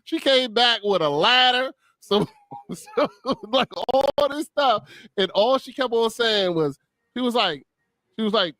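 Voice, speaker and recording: A man with a high voice tells a comic tale in a relaxed, slangy way, laughing as he goes. The sound is dry and close, with little room around him. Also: normal speed, no room sound. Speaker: podcast host. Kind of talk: casual chat.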